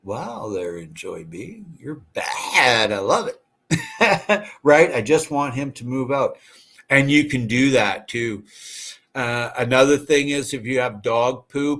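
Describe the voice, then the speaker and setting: A man's voice: medium pitch, a bit bright. A man hosting a casual livestream, chatting with viewers in a rambling, friendly way with many fillers and restarts. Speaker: livestream host. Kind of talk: casual livestream chat reading viewer comments.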